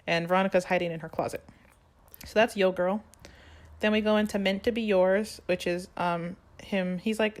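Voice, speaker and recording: A young woman chatting casually on a podcast, retelling a musical's plot with lively quoted lines. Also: mid-range voice, moderate pace. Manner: animated storytelling, acts out quoted lines. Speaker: podcast co-host. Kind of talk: casual chat recapping a musical.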